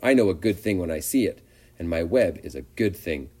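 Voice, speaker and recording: A wise, calm female spider explains things in a measured, gently lecturing manner, as a man reading a storybook voices her. The tone is low and mellow. Her phrasing rises and falls with storytelling life. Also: slightly rough. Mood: musing.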